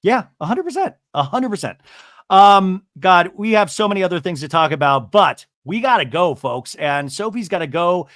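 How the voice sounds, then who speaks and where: A male podcast host from Montana with a deep radio announcer voice, chatting casually and rambling through quick asides. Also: expressive, fairly bright tone, no room sound, studio quality. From Montana, USA.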